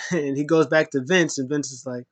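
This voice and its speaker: A man's voice: on the high side, steady tone, moderate pace, no echo. A man giving a loose, rambling recap of a wrestling show, full of fillers and asides. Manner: rambling, filler-heavy retelling. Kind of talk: casual recap chat.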